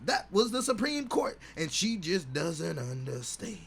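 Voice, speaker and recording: A man's voice: on the high side, big pitch swings, unhurried, creaky, fairly bright tone, slightly rough, voice pushed up, full character voice. Man putting on a whiny bitter divorced dad. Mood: aggrieved whining. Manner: aggrieved self-pitying rant.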